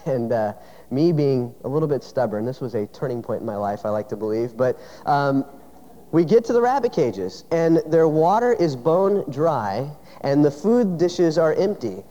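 Pastor guy telling a story in his sermon, mellow voice, long hall echo, kinda dull sound. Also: medium pitch, animated, normal speed. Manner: storytelling, conversational with rhetorical questions.

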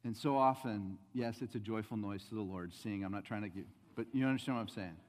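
A man preaching a sermon as pastor, swinging between loud emphatic rises and soft, low asides. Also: fast talker, long reverb tail. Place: church sanctuary.

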